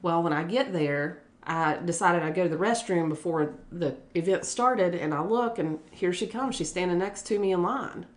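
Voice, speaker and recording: A middle-aged woman from West Virginia talks through her career as a school principal in an earnest, conversational way. Her voice sits on the lower side, and she slips into brief lively voices when quoting others. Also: normal speed, hardly any pauses. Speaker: elementary school principal, guest. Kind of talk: casual conversational storytelling.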